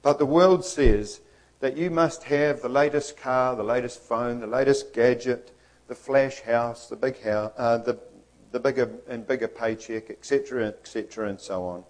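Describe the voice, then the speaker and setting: A man's voice: medium pitch, normal speed, darkish tone, rough recording. Earnest male preacher giving a sermon. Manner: earnest, emphatic, acts out quotes.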